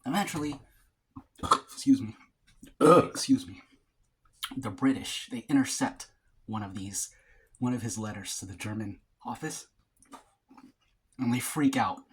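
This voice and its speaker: Husky-voiced man chatting while eating. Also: medium pitch, normal speed, long pauses. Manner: talks between bites of food, loose and rambling; casual slang, frequent fillers and restarts. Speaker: mukbang vlogger. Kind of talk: casual storytelling while eating.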